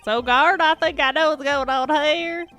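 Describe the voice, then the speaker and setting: A woman's voice: high voice, unhurried, sharp tone, faint music behind. A woman voicing a goofy, nerdy, pushy male reporter, reading game dialogue in a drawling, showy way with old-timey slang.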